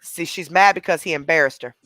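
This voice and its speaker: Woman, blunt mocking commentary, bright tense voice. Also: deep voice, fairly quick, no room sound. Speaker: commentator reacting to a livestream. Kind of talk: casual reaction commentary.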